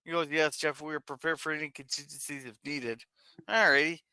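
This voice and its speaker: A man hosting a casual livestream, reading viewer messages aloud in a chatty, halting way. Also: on the high side, steady tone, pushed and bright, smooth, no room sound. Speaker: stream host reading chat.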